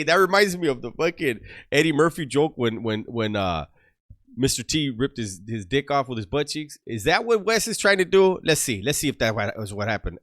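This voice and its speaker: A man's voice: mid-range voice, fairly bright tone, dry recording, clean studio sound. A man hosting a reaction video, making sarcastic, joking remarks and laughing between clips. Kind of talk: reaction commentary.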